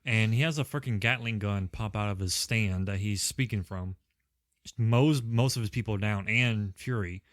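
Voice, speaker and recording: A man's voice: fairly low pitch, normal speed, no echo, clean studio sound. A man co-hosting a podcast, walking through a film's plot in casual chat, swearing casually and quoting characters. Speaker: podcast co-host. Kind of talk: casual movie recap chat.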